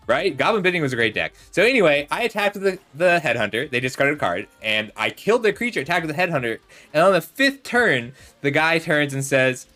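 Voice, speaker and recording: Bright, lively man streaming a card game. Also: on the high side, fairly quick, soft background music. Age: 30s. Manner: rambling, chatty, talks to chat while playing. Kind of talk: casual gameplay commentary with storytelling.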